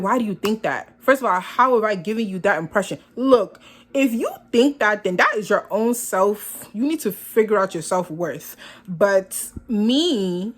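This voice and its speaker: A young woman vlogger with a medium-pitched voice tells a storytime with sass and drama. She acts out both sides of the conversation herself.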